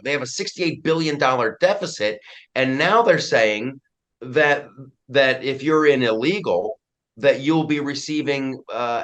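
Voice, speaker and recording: A man's voice: medium pitch, fairly bright tone. Emphatic man in casual interview chat. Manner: emphatic, with frequent restarts. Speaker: guest comedian and commentator.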